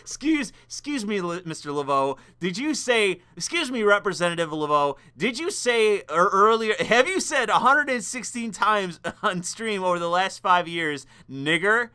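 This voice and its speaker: A man voicing a pompous official who grills him with mock-formal, halting questions. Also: high voice, sing-song, pushed and bright, clean tone, voice pushed up, full character voice. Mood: mock indignant.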